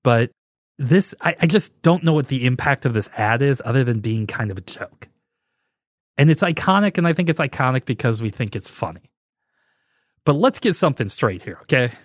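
A man in his forties hosting a podcast, rambling and joking with animated emphasis. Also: medium pitch, normal speed, dry recording, clean studio sound. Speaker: podcast host. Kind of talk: casual chat.

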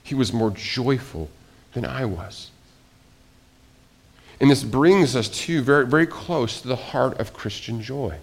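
A middle-aged man preaching a sermon as pastor, swinging between quiet, almost whispered asides and loud, excited exclamations, often restarting his phrases. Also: medium pitch, measured pace, creaky, long pauses.

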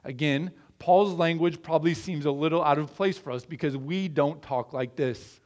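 Delivering a sermon at a moderate pace, this middle-aged Midwestern pastor has a somewhat mellow voice pitched a bit above the typical man's. He addresses his congregation earnestly and conversationally, returning again and again to rhetorical questions.

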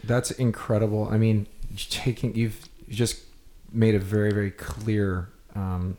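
Slow, dark-voiced male interviewer. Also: lowish voice, flat delivery. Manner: slow, reflective, measured. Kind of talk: interview conversation.

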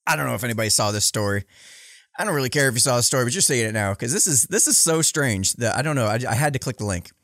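A man's voice: medium pitch, animated, racing, a bit bright, no room sound, studio quality. A man hosting a livestream, reacting bluntly and with profanity to debate clips in casual commentary. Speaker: livestream host.

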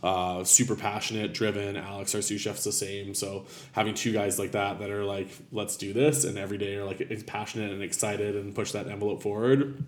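A man's voice: on the low side, little pitch movement, brisk, roomy sound. A man, a chef talking casually about his restaurants in an interview, rambling with many fillers.

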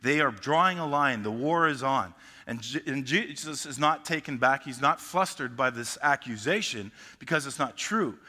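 A man's voice: medium pitch, moderate pace, bright, forceful tone, big-room sound. A male pastor preaching a sermon emphatically, often restarting his sentences mid-thought.

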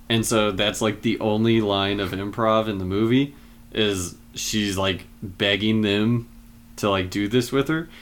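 A man with a fairly low voice talks through a movie's scenes in a relaxed, rambling way. He leans on fillers as he retells each moment. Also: slow pace. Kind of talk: casual film discussion.

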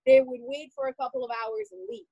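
A woman telling a painful personal story in an interview, animated and full of "like" fillers. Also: extremely high pitch, fast talker, creaky, no echo, dull audio. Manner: animated, heavy use of "like" fillers.

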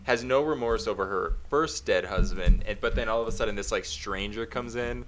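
A low-voiced man co-hosts a casual show. His remarks run dry and wry, broken by laughs. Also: brisk, fairly bright tone, slight background noise. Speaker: podcast co-host. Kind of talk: casual chat.

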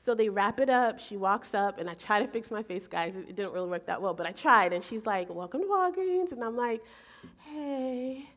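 A woman in her forties preaching, telling a personal story in an animated way and acting out her own thoughts. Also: medium pitch, fairly quick, few pauses. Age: 40s. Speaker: pastor. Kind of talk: sermon storytelling.

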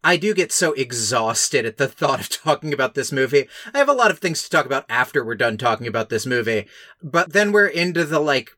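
A man's voice: mid-range voice, pushed and bright, no echo, studio quality. Sarcastic man recapping a film. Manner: sarcastic, mocking recap with many asides. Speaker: podcast co-host. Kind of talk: casual chat, film recap.

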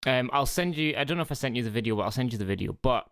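A podcast co-host in casual chat, telling stories with animation and swooping into high voices. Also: lively intonation, very fast, no echo, studio quality.

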